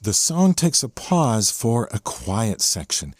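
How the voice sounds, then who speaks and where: Guy hosting a music podcast, eager and explaining stuff, the song playing loud behind him. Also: mid-range voice, big pitch swings, slow pace. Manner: enthusiastic, explanatory. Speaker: podcast host. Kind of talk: song breakdown commentary. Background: the song playing underneath.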